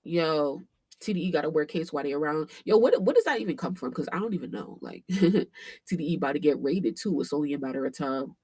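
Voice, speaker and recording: A woman hosting a casual commentary livestream, animated and swearing freely, with AAVE speech and frequent fillers. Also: low-pitched, quick pace, breathy edge, no room sound. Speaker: livestream host.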